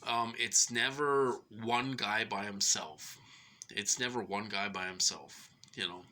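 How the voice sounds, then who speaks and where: Middle-aged guy from minnesota, short of breath, rambling on with tons of ums and restarts, sharp bright voice. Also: lowish voice, slow. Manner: rambling, aggrieved, many fillers and restarts. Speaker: vlogger. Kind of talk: rambling personal monologue.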